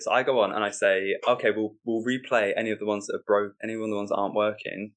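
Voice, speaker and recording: A man, a stand-up comedian telling a story in casual chat, animated and laughing often. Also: fairly low pitch, brisk. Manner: animated, acts out quoted voices, laughs often.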